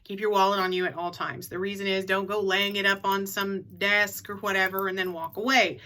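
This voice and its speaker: Woman, middle-aged, casual advice vlog, chatty, repeats her points, bright tone. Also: medium pitch, level tone, brisk. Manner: chatty, repeats key tips for emphasis. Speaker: reseller vlogger.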